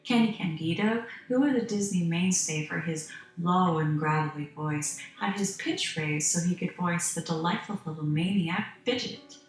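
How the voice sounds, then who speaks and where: A woman's voice: fairly low pitch, moderate pace, soft background music. A woman hosting a video essay, reading a scripted narration in an earnest, admiring manner. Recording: very echoey room.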